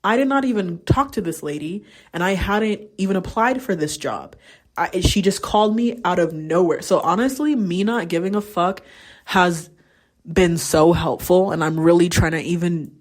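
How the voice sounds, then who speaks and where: A woman's voice: fairly low pitch, normal speed. A young adult woman hosting a casual mental health check-in, telling stories candidly and swearing freely. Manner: candid storytelling, acts out quoted voices. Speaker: podcast host; teacher.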